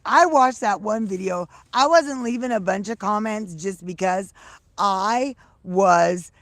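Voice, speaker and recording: A woman's voice: medium pitch, takes it slowly, no echo. Loose, salty-talking middle-aged woman. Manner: loose, laughing, salty talk. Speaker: livestreaming vlogger. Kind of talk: casual live chat with viewers. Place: outdoors on a farm.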